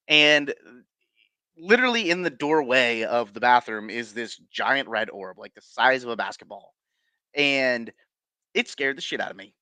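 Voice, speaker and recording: A man's voice: medium pitch, sharp tone, no echo. A man being interviewed as a paranormal investigator, telling his stories casually with many fillers, restarts and chuckles.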